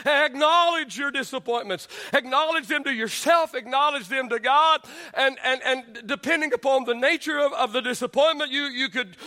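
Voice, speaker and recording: A middle-aged male pastor preaching a sermon, repeating his words and building to shouts on key lines. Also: extremely high pitch.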